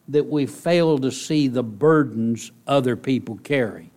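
Preaching in a mid-range, slightly mellow voice at a measured pace, a man keeps his sermon earnest and conversational. He asks the congregation direct questions, adds asides, and sometimes climbs to raised, emphatic moments.

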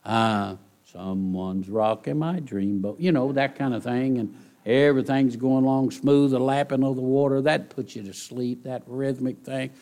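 A man preaching a sermon in church, folksy and animated, often asking the congregation rhetorical questions. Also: mid-range voice, moderate pace. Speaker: pastor.

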